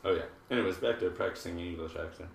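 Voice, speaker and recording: A man's voice: deep voice, quick pace, creaky, slight background noise. A man in his thirties, a hairdresser hosting a live haircutting show, chatting casually and rambling with jokey asides while he works. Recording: roomy, distant live-stream audio.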